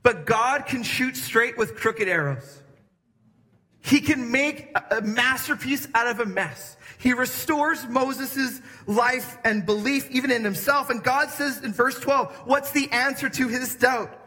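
Guy preaching a lively sermon, bright high voice, church echo. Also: unhurried. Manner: lively, emphatic, varies pace. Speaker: pastor. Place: church hall with congregation. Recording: echoey hall.

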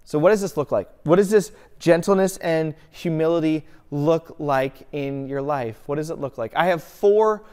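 A man's voice: fairly high pitch, normal speed, few pauses, a little mellow, clean tone. A man preaching a sermon as a pastor, earnest, often asking himself a rhetorical question and answering it.

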